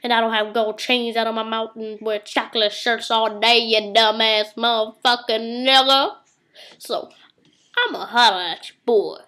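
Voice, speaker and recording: A woman's voice: fairly high pitch, steady tone, normal speed, sharp tone. A woman ranting to a webcam in a room, boastful and rambling, cursing constantly as she tells tall stories. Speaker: vlogger. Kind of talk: comic profane rant to camera. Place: indoor room.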